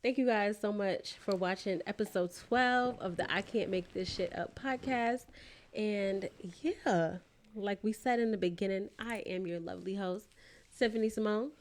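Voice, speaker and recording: Young woman, podcast host, casual chatter, emotional, frequent laughs, mid pitch. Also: moderate pace. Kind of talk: casual chat.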